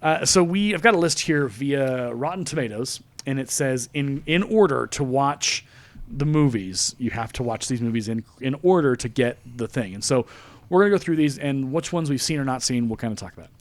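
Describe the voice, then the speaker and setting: A man in his forties hosting a podcast, chatting casually in an animated, jokey, rambling way. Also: medium pitch, moderate pace. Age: 40s. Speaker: podcast host. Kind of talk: casual chat.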